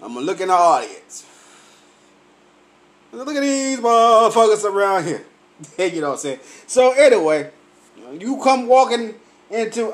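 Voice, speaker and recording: Tipsy male vlogger, high and swooping voice, unhurried profane comic rant. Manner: profane, boisterous, laughing often. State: tipsy from drinking.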